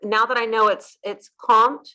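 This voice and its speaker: A woman's voice: a little high, fairly even intonation, measured pace, bright, forceful tone. A woman hosting a casual interview chat, upbeat, repeating words back and laughing at her own slips. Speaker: host.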